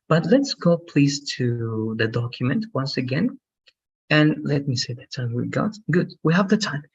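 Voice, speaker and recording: A man with a husky voice, heard as dull, lo-fi call audio, teaches an English grammar lesson. He is patient and repeats each rule, checking in with "right?". His pitch sits mid-range.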